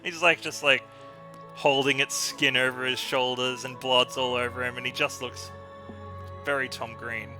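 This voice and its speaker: A man's voice: mid-range voice, normal speed. A man co-hosting a game video, chatting casually and acting out funny scenes with frequent laughter. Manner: animated storyteller, laughs often, acts out quotes. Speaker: let's play co-host. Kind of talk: casual chat over gameplay. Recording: music bed behind voice.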